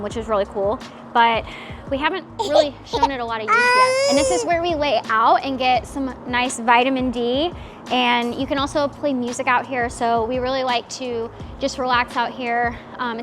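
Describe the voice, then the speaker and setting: Woman, higher voice, chatty and upbeat, touring her backyard outdoors, a bit winded, background music. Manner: chatty, upbeat, filler-heavy. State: out of breath from carrying a child. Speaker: vlogger giving a house tour. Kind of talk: casual home tour vlog.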